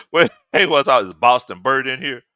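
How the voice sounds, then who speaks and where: A man's voice: mid-range voice, bright, forceful tone, dry recording, clean studio sound. A man hosting a casual sports talk stream, joking, laughing often and reading fan comments. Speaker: sports talk show host.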